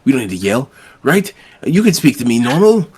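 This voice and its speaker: A man's voice: medium pitch, big pitch swings, fairly quick, darkish tone, slight background noise, natural voice. A man voicing a nervous male skeleton ex-convict in a tabletop role-play, stammering and repeating himself evasively.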